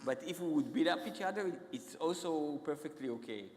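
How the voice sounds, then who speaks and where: Halting Israeli man in an echoey hall. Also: on the high side, animated, a little mellow. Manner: halting, self-interrupting, many restarts. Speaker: guest author. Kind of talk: onstage conversation, anecdotal storytelling. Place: large event hall.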